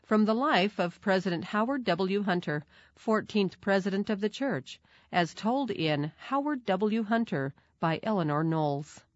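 A woman narrating a children's storybook in a measured, clear manner. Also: medium pitch, expressive, dry recording. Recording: dull, dry recording.

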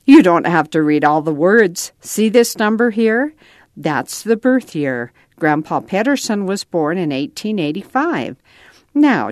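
A woman's voice: on the low side, dry recording, studio quality. A patient storybook mother, read by a woman. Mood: explaining. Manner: gentle, patient explaining. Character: patient, kind mother helping her son.

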